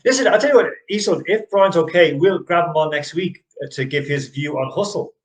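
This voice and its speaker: A man's voice: a little high, brisk, low-quality recording. A middle-aged man co-hosting a casual movie review chat, rambling and restarting his sentences. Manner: rambling, restarts often, chuckles. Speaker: podcast co-host.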